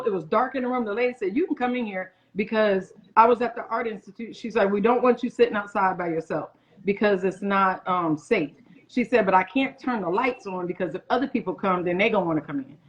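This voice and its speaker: A woman's voice: medium pitch, fairly quick. A woman in her forties, a guest chef, telling a story in a casual interview and acting out other people's lines in quoted voices. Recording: muffled lo-fi audio.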